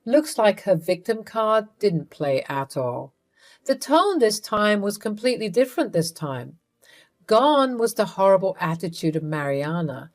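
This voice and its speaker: A woman's voice: mid-range voice, very animated, a little slow. Woman narrating a first-person story.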